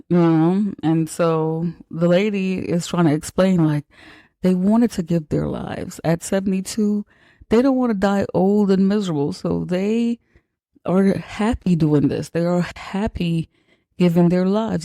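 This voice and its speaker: A man hosting a podcast, retelling a horror film in a casual, animated way with exaggerated reactions. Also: sits high, measured pace, gravelly, no room sound. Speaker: podcast host.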